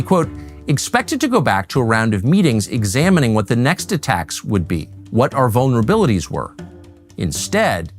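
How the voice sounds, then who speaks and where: A man giving scripted documentary narration in a measured, pointed delivery. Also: mid-range voice.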